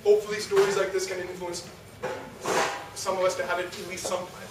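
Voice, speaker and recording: A young man with a high voice gives a talk to an audience. He keeps it chatty and ends sentences with "right?" He sounds far from the mic in a very echoey, noisy hall. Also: flat delivery, brisk. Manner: conversational, asks the audience, frequent rhetorical "right?". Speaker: lecturer. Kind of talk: religious youth talk.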